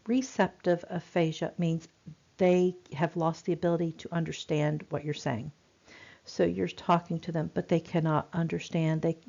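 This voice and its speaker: Woman, nursing instructor, chatty lecture, low gravelly voice, dull lo-fi recording. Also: darkish tone. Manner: chatty, repeats herself, many fillers.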